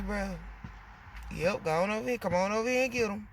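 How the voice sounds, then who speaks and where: A woman venting in a casual monologue to her viewers, animated and emotional, getting loud as she talks. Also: medium pitch, normal speed, long pauses, a little hiss or hum. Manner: gets loud when emotional.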